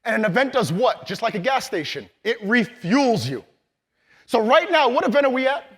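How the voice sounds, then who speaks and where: A man with a very high voice gives a live motivational training talk in a large event hall. He is loud and hyped, calls on the audience to shout back, and laughs between points. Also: big pitch swings, moderate pace, breathy edge. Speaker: motivational speaker.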